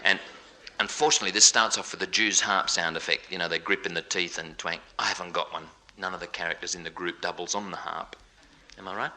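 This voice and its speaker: A man's voice: low-pitched, fairly even intonation, fast, sharp tone. A man doing jokey live stage patter between songs, bantering with his band and the audience. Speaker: stage entertainer. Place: large live venue stage. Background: band music.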